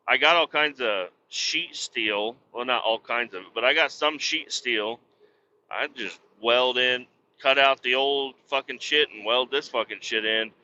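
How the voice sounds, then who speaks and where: A man's voice: mid-range voice, sharp tone, highs cut off, a little hiss or hum. A middle-aged man hosting a podcast, rambling casually, swearing a lot and laughing at himself. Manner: profane, self-deprecating, laughs often. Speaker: podcast host.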